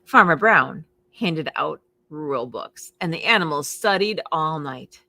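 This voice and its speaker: A woman, a children's librarian, reads a picture book aloud for preschoolers in an animated, expressive way, playing up the sounds for children. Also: sits low, unhurried. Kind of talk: storytime read-aloud for preschoolers.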